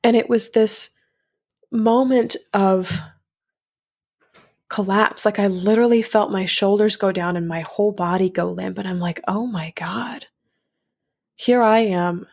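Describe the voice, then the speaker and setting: A young adult woman, a podcast guest, telling her story in a frank, animated conversational way with many fillers. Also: medium pitch, unhurried, creaky, long pauses.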